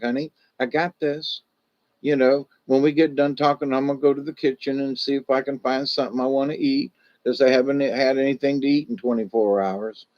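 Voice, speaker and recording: A man's voice: medium pitch, darkish tone, muffled recording. A man chatting casually on a livestream from home, rambling in a folksy, repetitive way and leaning on "you know". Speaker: livestream host.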